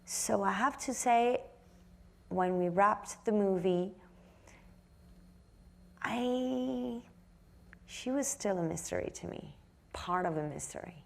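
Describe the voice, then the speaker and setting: A woman's voice: mid-range voice, takes it slowly, creaky, pauses often, a little mellow. A woman from France speaking with a French accent in an onstage interview, often restarting and searching for words. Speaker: actress guest.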